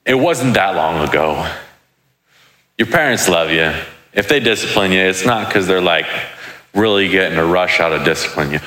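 Joking young preacher in an echoey hall. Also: male voice, deep voice, lively intonation, normal speed, bright, forceful tone. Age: 20s. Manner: casual, joking, with restarts. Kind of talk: sermon with personal stories.

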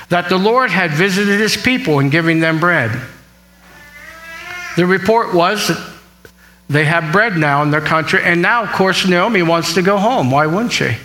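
Bright-voiced man preaching. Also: a little high, poor audio. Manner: reads scripture aloud and paraphrases it, asks the listeners questions. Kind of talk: sermon, Bible teaching.

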